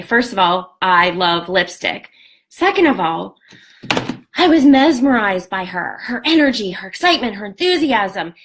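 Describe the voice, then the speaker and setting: A woman's voice: mid-range voice, fairly bright tone. A woman in her forties, a beauty product distributor, giving a candid motivational talk to her sales team, blunt and swearing freely. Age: 40s.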